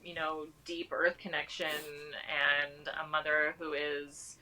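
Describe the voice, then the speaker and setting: A woman's voice: deep voice, monotone, takes it slowly, hardly any pauses, pushed and bright, rough recording. A woman in a casual podcast conversation who talks earnestly about spirituality, laughs often and restarts her sentences.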